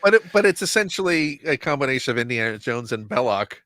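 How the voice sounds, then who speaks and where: A man in casual podcast chat, inquisitive and dryly funny. His voice is bright and forceful at a middle pitch. It is recorded dry and close. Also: sing-song, fast, no echo. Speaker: podcast co-host.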